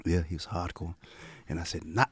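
A man's voice: sits low, steady tone, a little fast, husky, no room sound. A man in casual podcast chat, laid-back, chiming in with short remarks.

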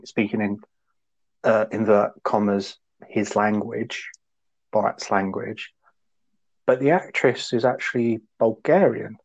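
A man co-hosting a podcast, rambling casually and acting out quotes in sudden high voices. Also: darkish tone, poor audio. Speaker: podcast co-host. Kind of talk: casual chat.

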